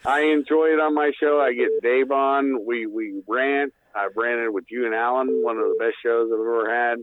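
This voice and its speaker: A man rambles bluntly over a tinny phone line, filling gaps with "uh" and "you know" and dropping the odd swear word. His voice sits at an ordinary pitch and sounds dry and boxed in. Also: normal speed, no echo. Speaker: guest on call-in show. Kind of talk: casual rambling radio talk.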